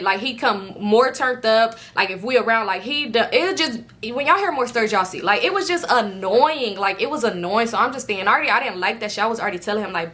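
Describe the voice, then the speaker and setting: Storytime vlogger, woman, animated and profane, forceful bright tone. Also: on the high side, fairly quick, hardly any pauses. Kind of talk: casual storytime.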